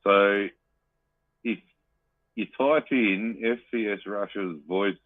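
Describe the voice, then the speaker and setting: A man's voice: lowish voice, slow pace, no echo. A man co-hosting a podcast, chatting casually and rambling, with frequent swearing. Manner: swears a lot, rambling, animated. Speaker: podcast co-host. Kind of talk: casual chat. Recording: tinny dry phone-like line.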